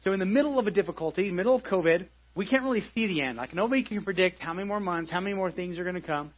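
A man's voice: sits high, very fast, dull audio. A pastor in his forties giving a live sermon in a church, conversational, with many restarts and repeated phrases. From United States.

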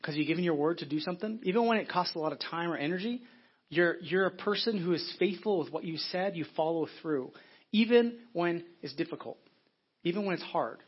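A man's voice: a little high, expressive, a little fast, husky, dull audio. A middle-aged man, a pastor, preaching an earnest, conversational sermon with frequent restarts.

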